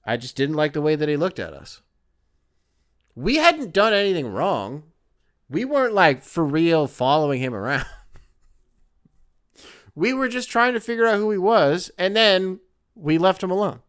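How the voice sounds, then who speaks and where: A man's voice: fairly high pitch, big pitch swings, normal speed, long pauses, fairly bright tone, dry recording, clean studio sound. A man from the Detroit area hosting a podcast, telling a casual story that rambles, with plenty of fillers and swearing. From Detroit area, Michigan. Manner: rambling, profane, lots of fillers. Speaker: podcast host.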